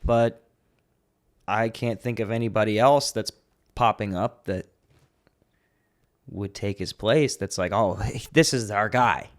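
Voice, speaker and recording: A man's voice: lowish voice, a little slow, long pauses. A man co-hosting a podcast in casual chat, swearing freely and joking, his family from Canada. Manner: profane, jokey, animated when riffing. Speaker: podcast co-host.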